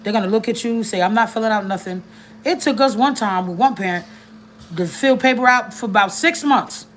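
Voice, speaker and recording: A woman giving blunt, animated advice to caseworkers, telling stories and cussing freely in a casual livestream. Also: a little high, a little fast, slight background noise, poor audio. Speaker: family advocate speaking to caseworkers.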